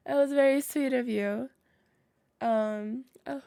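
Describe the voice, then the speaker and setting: Talking slightly slowly in a high-pitched voice, a young woman streamer hangs out with her viewers in casual livestream chat. Her tone is scratchy and weary, and her rambling is packed with fillers and frequent laughter.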